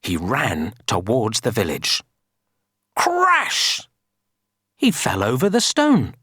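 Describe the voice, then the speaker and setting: A woman reading a children's story aloud for an English lesson, slow and sing-song. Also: extremely low pitch, huge pitch swings, husky, no room sound, studio quality.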